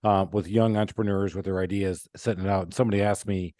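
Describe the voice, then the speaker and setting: A man's voice: sits low, steady tone, quick pace, warm tone, dry recording, clean studio sound. A man hosting a podcast interview, chatty and enthusiastic, talking casually with plenty of fillers. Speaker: podcast host.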